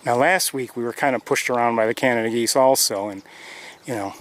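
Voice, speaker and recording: A man's voice: mid-range voice, a little fast, a bit bright. A man hosting a live birding tour, narrating casually as he walks the trails by a pond and thinks aloud with hesitant restarts. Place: outdoors on nature trails by a pond. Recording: faint outdoor noise. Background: birdsong and outdoor ambience.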